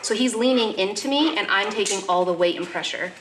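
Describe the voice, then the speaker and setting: A woman's voice: medium pitch, a little fast, a bit bright, a little hiss or hum. Chatty woman explaining her dog routine. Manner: chatty, explains as she works, baby-talks her dogs. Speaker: pet vlogger. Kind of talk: casual vlog talk while doing chores. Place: home with dogs.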